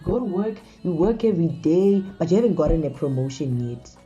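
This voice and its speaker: Woman host, low and very warm voice, easy conversational delivery to the audience, muffled recording with faint music behind. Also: expressive, a little fast. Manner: conversational, addresses listeners as guys. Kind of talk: casual talk show monologue.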